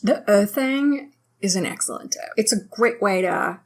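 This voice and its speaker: Woman teacher with a French accent, commenting on a clip and breaking down pronunciation calmly. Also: mid-range voice, normal speed. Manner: explains pronunciation point by point, calm. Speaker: French teacher reacting to a video. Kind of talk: explanatory commentary.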